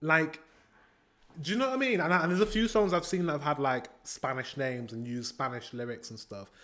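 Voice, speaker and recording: A man's voice: on the high side, fairly quick, a bit bright. A British man giving chatty, rambling commentary while reacting to music, laughing often between remarks. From Britain. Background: faint pop music playing.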